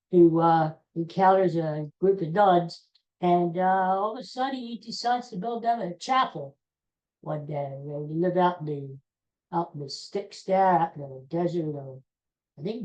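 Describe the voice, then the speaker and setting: A woman's voice: lowish voice, mellow, poor audio. A woman hosting a podcast, chatting casually and rambling, often correcting herself and stumbling over names. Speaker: podcast host. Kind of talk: casual solo chat.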